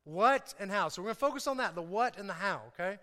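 Pastor, male, high bright voice, lively joking sermon, echoey church hall. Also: fast. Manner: lively, joking, calls for audience response.

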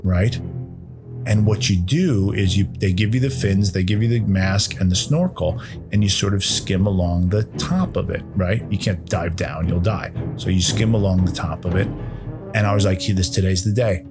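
A man's voice: deep voice, normal speed, music in the background. A man on a podcast telling a rambling, self-deprecating story, full of cursing and restarts. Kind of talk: casual comedic storytelling.

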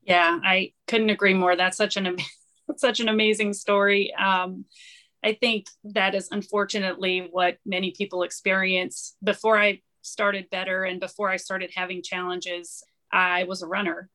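Bright, even-toned woman guest. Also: medium pitch, normal speed. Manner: candid, chatty, laughs easily. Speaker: podcast guest, company founder. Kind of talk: casual conversation.

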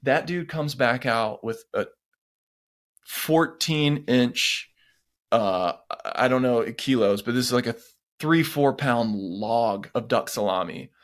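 A man's voice: mid-range voice, takes it slowly. A man with a mid-range voice tells stories with energy, voicing the people in them as he goes. His delivery is casual and chatty, in the style of a podcast co-host. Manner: animated storyteller who acts out quotes. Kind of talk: casual chat, storytelling.

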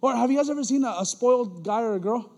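A man preaching a casual, animated sermon in a church as an elder, using slang and acting out quoted voices. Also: very high voice, fast, long reverb tail.

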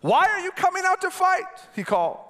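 A man voicing a proud male giant warrior who shouts taunts across a battlefield. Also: very high-pitched, expressive, measured pace, pitched above the performer's own voice, full character voice. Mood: taunting. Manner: taunting, boastful.

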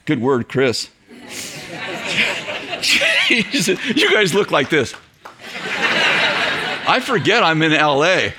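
A middle-aged man preaching to a church audience, telling a story in an animated way, acting out quoted voices and laughing often. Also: fairly high pitch, extremely slow, pauses often, heavy background noise. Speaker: pastor. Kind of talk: storytelling sermon.

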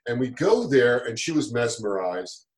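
A middle-aged man talks in an upbeat, motivational tone, pausing on fillers and restarting phrases as he works through a point. His voice sits in a middle pitch and carries a noticeable roomy echo. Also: big pitch swings. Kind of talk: motivational conversation.

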